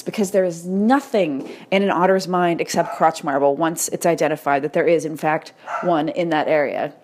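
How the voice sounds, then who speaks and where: Addressing entrepreneurs and artists directly, a woman delivers a casual motivational monologue, telling a funny story and swearing now and then. Her low voice is a little mellow, moving at a moderate pace with hardly any pauses.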